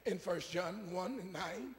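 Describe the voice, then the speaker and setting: A man a call-and-response sermon, repeating his phrases and swinging from soft asides to shouts. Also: sits high, measured pace. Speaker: preacher. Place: church sanctuary. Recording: preaching in a reverberant church hall.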